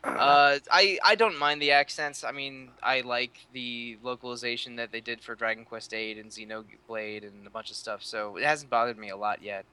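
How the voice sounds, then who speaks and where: A man's voice: medium pitch, steady tone, normal speed, bright, forceful tone, clean tone. A man co-hosting a casual game podcast, chatty and making wry asides. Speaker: podcast co-host.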